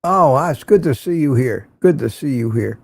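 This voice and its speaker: A man's voice: medium pitch, expressive, moderate pace, creaky, dry recording. An older man hosting a casual morning livestream, greeting viewers by name and rambling sarcastically. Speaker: livestream host.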